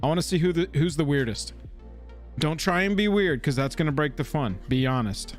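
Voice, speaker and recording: A fairly high-voiced man chatting on a live stream, excitable and slangy, swearing casually. Faint music plays behind him. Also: fairly quick. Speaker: co-host of a card game live stream.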